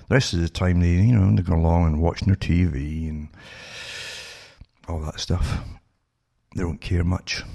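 A man's voice: sits low, vocal fry, darkish tone, husky. An older man commenting sardonically on news articles, throwing rhetorical questions at his listeners. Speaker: political commentator.

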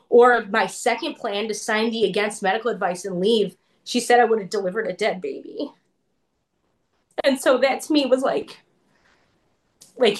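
Woman, interview guest, casual storyteller: conversational, loose, quotes others in their own words. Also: fairly high pitch. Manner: chatty, full of "like", acts out what others said.

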